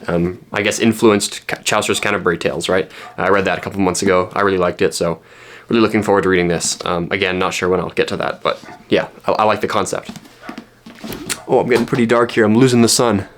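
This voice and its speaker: A man's voice: sits low, fairly even intonation, fast talker. A young man from Canada casually talking through his books in a vlog, rambling with lots of ums and restarts. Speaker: book vlogger. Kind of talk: casual spoken book vlog. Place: at home in fading daylight.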